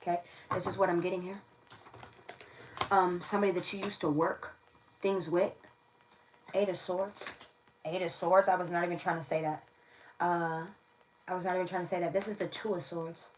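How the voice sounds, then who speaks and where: A woman's voice: on the low side, little pitch movement, moderate pace, long pauses. A woman talks through a casual tarot reading on a livestream, repeating her points and laughing between them. She sits a bit back from the microphone, so her voice sounds distant. A faint background noise runs under the recording. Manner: chatty, repeats phrases, laughs often. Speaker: tarot reader.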